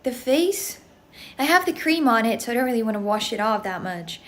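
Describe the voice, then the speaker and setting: A woman's voice: fairly high pitch, big pitch swings, brisk, fairly bright tone. A young woman from Russia telling a rambling story in casual chat, laughing often and swearing. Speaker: streamer.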